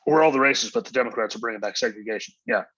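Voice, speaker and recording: A man's voice: medium pitch, very fast, fairly bright tone, lo-fi sound, slight background noise. A man hosting his own show, delivering an angry, profane, exasperated solo rant. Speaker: podcast host.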